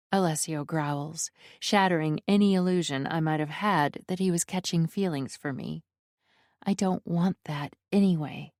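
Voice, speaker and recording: A woman narrating a first-person romance audiobook in a wry, expressive way, close to the mic. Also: medium pitch, no echo.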